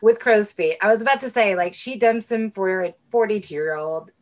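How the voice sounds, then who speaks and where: A woman's voice: mid-range voice, moderate pace. Chatty woman co-host, casual and joking. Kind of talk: casual chat about a movie.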